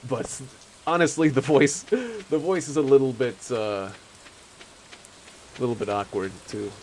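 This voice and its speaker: A man's voice: medium pitch, fairly even intonation, slow pace, darkish tone, slight background noise, poor audio. A young man streaming a game, chatting casually, rambling and laughing often. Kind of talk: casual chat while playing a game.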